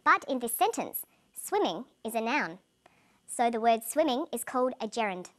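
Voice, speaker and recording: A woman presenting an English language lesson, with clear, measured and carefully enunciated scripted delivery. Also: fairly high pitch, very animated, fairly bright tone.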